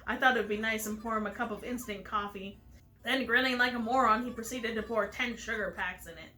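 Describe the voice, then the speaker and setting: A woman's voice: on the high side, brisk, bright, forceful tone, faint music behind. A woman voicing a bossy, judgmental older sister pelican with a put-on accent, tart and grumbly.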